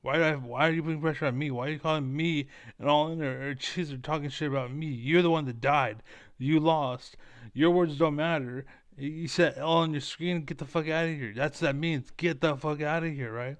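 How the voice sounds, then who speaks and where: A man's voice: fairly high pitch, fairly even intonation, a little fast, clean tone, no room sound. A man streaming, ranting in a profane, heated and blunt way as a former competitive gamer. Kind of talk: ranting livestream monologue.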